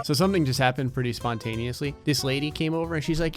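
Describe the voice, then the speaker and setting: A man narrates a life-sim game in a sarcastic, joking way, slipping into quick voices for the characters. His voice sits a little high for a man. Faint music plays under his commentary. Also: animated. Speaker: gaming channel host. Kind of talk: comedic gameplay commentary.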